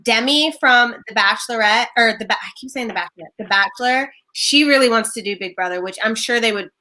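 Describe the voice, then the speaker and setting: A woman's voice: on the high side, quick pace, sharp tone. A woman co-hosting a casual chat, bubbly and gushing, with many "like"s. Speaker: podcast co-host.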